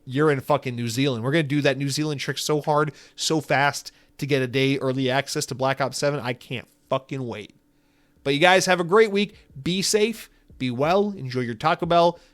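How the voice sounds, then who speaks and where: A man's voice: fairly high pitch, normal speed, a bit bright, dry recording. Rambling, profane male podcast host. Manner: rambling, profane, self-deprecating. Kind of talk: casual chat reading listener mail.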